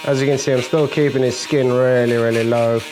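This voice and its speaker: A man's voice: mid-range voice, fairly even intonation, brisk, over music, low-quality recording. A man, a barber, explaining each step of a fade haircut while he cuts and jokes with his client in a barbershop. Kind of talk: hair-cutting tutorial narration with client chat. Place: barbershop, indoors. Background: faint buzz of electric clippers.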